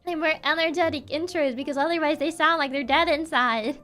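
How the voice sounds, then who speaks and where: A young woman streaming casually, soft-spoken and sassy, who laughs often while chatting with her viewers. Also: sits high, brisk, soft background music. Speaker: VTuber streamer. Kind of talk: casual livestream chat, reading chat aloud.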